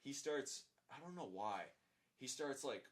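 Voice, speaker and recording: A young man, a podcast guest, telling a story in casual chat, animated, swearing freely and acting out the dialogue. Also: mid-range voice, measured pace.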